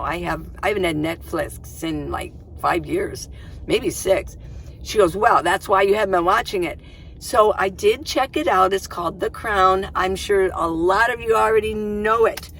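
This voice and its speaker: A woman's voice: mid-range voice, gravelly, fairly bright tone, a little hiss or hum. A middle-aged woman vlogging from inside her minivan, chatting casually and rambling, often restarting her sentences. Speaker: van-life vlogger. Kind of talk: casual chat to camera.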